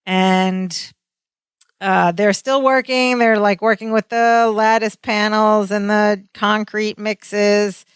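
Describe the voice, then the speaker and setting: A woman's voice: mid-range voice, fairly even intonation, takes it slowly, clean tone, no echo. A woman co-hosting a podcast, chatting casually and finishing her co-host's sentences as they retell sitcom scenes. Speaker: podcast co-host. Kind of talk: casual chat recapping a sitcom.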